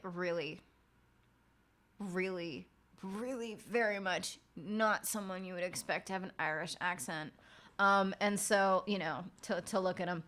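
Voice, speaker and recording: A woman's voice: mid-range voice, a bit bright. A young woman streamer chatting casually and frankly late at night, swearing often and rambling through stories.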